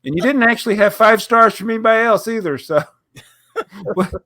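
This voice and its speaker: A high-pitched man speaks at a moderate pace with a pushed, bright tone, recorded in studio quality with no echo. He's a podcast co-host getting over a cold, his voice nasal and stuffed-up as he tells a rambling story in casual chat, laughing often.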